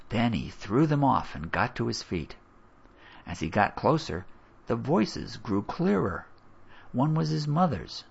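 A man narrates a story, his low voice gravelly and slightly husky. His telling rises and falls with lively expression. The recording is dull and lo-fi. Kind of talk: audiobook narration.

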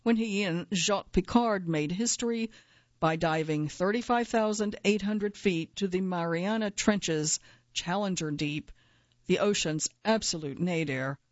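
A woman reading her own first-person nonfiction essay aloud in a measured, earnest way, at times quietly angry. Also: lowish voice, no echo, highs cut off.

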